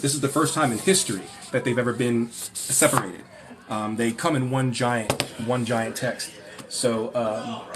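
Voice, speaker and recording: A man hosting a livestream Q&A, ranting and mocking in an animated way, often rambling and correcting himself. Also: medium pitch. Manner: animated, mocking, breaks into laughter. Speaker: livestream host.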